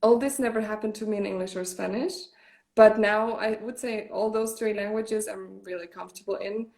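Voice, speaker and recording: A woman's voice: medium pitch, steady tone, a little fast, creaky, darkish tone. A woman from Germany, a German native speaker, chatting as an actress guest in an interview and talking freely with many "like" fillers and restarts. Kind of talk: casual interview chat.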